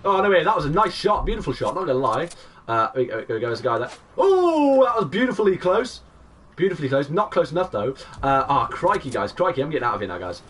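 A young man, giving excitable play-by-play commentary on his live game stream and greeting chat viewers. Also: a little high, quick pace, recorded from a distance, slight background noise. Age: 20s.

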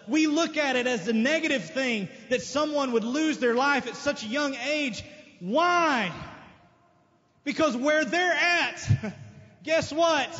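A man preaching a sermon as pastor, emphatic, with sudden loud outbursts and quieter asides. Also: high-pitched. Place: church sanctuary. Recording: dull lo-fi sermon recording with long hall reverb.

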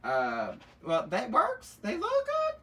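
A man's voice: very high voice, slow pace. A middle-aged man hosting a live luxury bag sale, chatting and teasing viewers in a campy, sassy way, in an indoor shop room. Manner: campy, animated and sassy, full of asides and teasing. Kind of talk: chatty live-stream selling, reading viewer comments. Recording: voice picked up from a distance.

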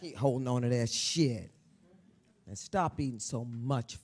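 A woman in her sixties, an author guest on stage at a live book event, talking to the audience in a brash, profane, stand-up style, swinging from shouts to hushed near-whispers. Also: extremely low pitch, lively intonation, unhurried, slightly rough. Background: faint audience murmur and laughter.

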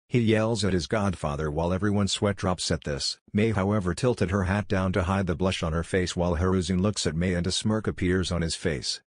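A man reading a fan fiction story aloud in a flat, steady narration. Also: low-pitched, brisk, no echo, clean studio sound.

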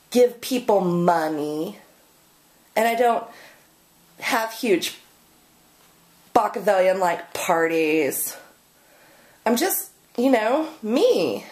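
A woman's voice: on the high side, a little mellow. A woman poet ranting sarcastically in a casual video blog. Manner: exasperated, sarcastic. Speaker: poet and performer.

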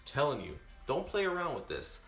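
A man's voice: medium pitch, wildly swooping pitch, moderate pace, vocal fry, a bit bright, reverberant, soft background music. A man chatting to his viewers while cooking live in his home kitchen. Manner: chatty, talks straight to viewers. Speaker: cooking stream host. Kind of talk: casual live cooking stream.

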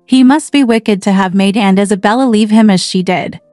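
A woman voicing an impulsive, warm-hearted teenage girl who speaks earnestly and flares up quickly, read over faint music. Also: medium pitch, dry recording, lightly acted.

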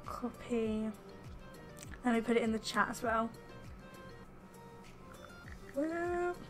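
A woman's voice: on the high side, animated, takes it slowly, a bit bright, faint music behind. A woman chatting casually on a game live stream, bubbly and giggly, talking into a headset at home. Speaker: streamer host. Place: home setup, headset mic.

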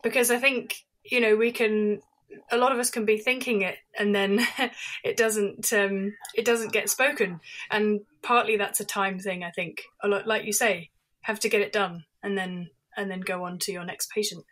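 A woman's voice: medium pitch, fairly even intonation, moderate pace, a bit bright. Thoughtful woman vet explaining. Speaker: veterinary surgeon guest. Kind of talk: interview conversation.

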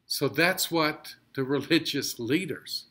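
Pastor guy teaching bible study, kinda high voice, talks real slow, repeats stuff for emphasis. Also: pushed and bright. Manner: reads scripture slowly, then explains it with emphatic repetition.

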